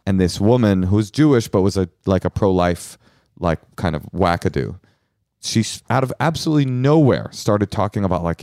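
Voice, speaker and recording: A man co-hosting a podcast in casual comedic chat, animated and jokey, often restarting his sentences. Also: sits low, normal speed, no echo, studio quality. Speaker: podcast co-host.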